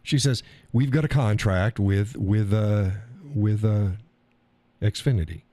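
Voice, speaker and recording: A man's voice: lowish voice, fairly even intonation, takes it slowly, dark tone, no echo. A middle-aged American man hosting a live stream, ranting casually in a profane, rambling way and mocking other people's words. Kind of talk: casual storytelling rant.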